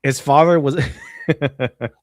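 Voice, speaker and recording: A man's voice: medium pitch, steady tone, slow pace, dry recording, studio quality. A man hosting a casual live stream, rambling, laughing often and reading viewer messages aloud. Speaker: show host.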